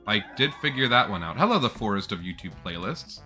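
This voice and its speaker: Bright-voiced man chatting over gameplay. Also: lowish voice, fairly quick, hardly any pauses, faint music behind. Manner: chatty, jokey, animated. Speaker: gameplay streamer. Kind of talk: casual gameplay commentary.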